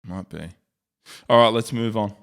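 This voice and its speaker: Australian male vlogger, low voice, jokey, self-mocking, off-the-cuff commentary. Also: a little slow, gravelly. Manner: joking, rambling, self-mocking. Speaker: YouTube host. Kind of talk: casual screen-share commentary.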